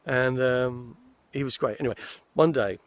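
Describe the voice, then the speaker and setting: Recorded dry, a man with a mid-range voice speaks at a moderate pace. He is an actor in his sixties, relaxing in a forest and casually recounting meandering tales from his film career, full of restarts.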